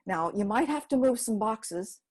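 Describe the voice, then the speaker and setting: A woman storyteller voicing a gentle, wise elderly grandmother with a homespun, reassuring manner. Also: fairly high pitch, expressive, measured pace, slightly rough.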